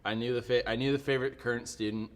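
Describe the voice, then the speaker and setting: A man's voice: mid-range voice, fast talker. A young adult man, a youth pastor, laughing and joking through a casual hot-wing question game. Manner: laughs often, animated and joking.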